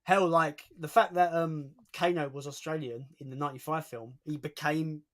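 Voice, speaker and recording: A man's voice: fairly high pitch, steady tone, moderate pace, fairly bright tone. A young man hosting a livestream in casual chat, reading out viewer comments as he talks. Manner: chatty, reads out viewer comments. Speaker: livestream host.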